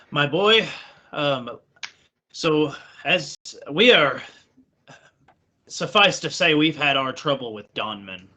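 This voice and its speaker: A courtly, long-winded old wanderer bargains with goblins, as a man plays him. He speaks slowly and deliberately, and his voice has a bright, forceful edge. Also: fairly high pitch, animated, full character voice. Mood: weary.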